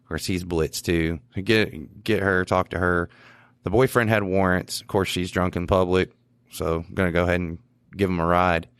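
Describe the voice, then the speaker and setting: Low-voiced cop guy telling funny podcast stories, dry mic, lots of laughing. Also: normal speed, smooth, no echo. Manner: laughing, animated anecdotes with quoted voices. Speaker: police officer telling stories. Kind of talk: casual podcast storytelling.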